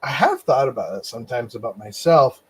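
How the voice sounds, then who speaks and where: A man in casual conversation, reflecting in a measured way and murmuring agreement while the other man speaks. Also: medium pitch, lively intonation, breathy edge. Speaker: podcast co-host.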